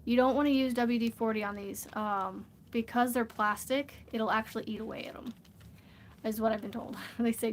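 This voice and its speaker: A woman's voice: on the high side, fairly even intonation, moderate pace, slight background noise. A woman chatting casually on a crafting vlog, rambling and often laughing as she works. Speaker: crochet vlogger. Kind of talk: casual livestream chat while crafting.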